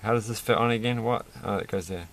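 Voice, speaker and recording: Talking fast in a lowish voice, a man putting together a toy set for review keeps up a stream of offhand, self-deprecating jokes and laughs at them himself.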